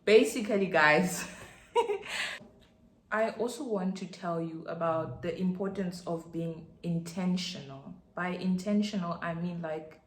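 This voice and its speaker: A woman with a Nigerian accent giving an excitable, chatty faith talk as a podcast host, addressing her listeners directly. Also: on the low side, takes it slowly, echoey room, slight background noise.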